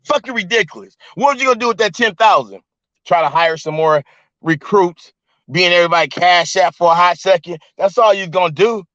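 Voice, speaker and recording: A man hosting a livestream speaks in a high, fairly bright voice with no room sound, filtered through dull, lo-fi stream audio. His delivery is a heated, fast-talking rant, profane and mocking throughout.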